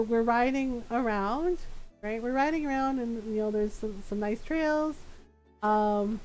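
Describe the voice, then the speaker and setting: Animated woman streamer telling a story. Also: on the high side, rough recording. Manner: animated, laughing, acts out quoted voices. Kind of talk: casual storytelling on a live stream.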